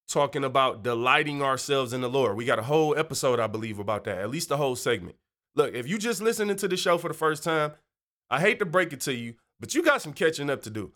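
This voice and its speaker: A podcast host delivers a casual faith monologue, chatty and full of slang, wandering into tangents and playfully putting on joking voices. His voice sits in the mid range with a fairly bright tone.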